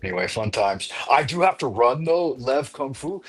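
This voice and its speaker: A man's voice: mid-range voice, lively intonation, moderate pace, slightly rough, faint music behind. A man hosting a live stream panel, talking in a rambling, playful way with many restarts. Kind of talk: casual chat.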